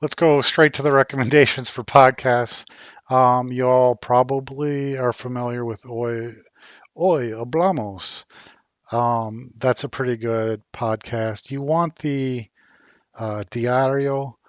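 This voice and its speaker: A man chats in a slow, halting way, stopping often for ums and starting sentences over. His voice sits at a middle pitch and sounds a little tired. It is recorded dry, with no room sound. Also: fairly even intonation, no echo, muffled recording. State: a bit worn out. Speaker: vlogger learning Spanish. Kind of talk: casual vlog chat.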